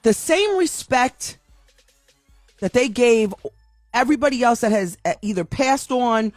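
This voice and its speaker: A woman's voice: on the high side, animated, measured pace, dry recording, clean studio sound, soft background music. A woman ranting in an emotional opinion vlog, upset and repeating herself with frequent restarts. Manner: impassioned, repetitive ranting with many restarts. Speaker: video commentator.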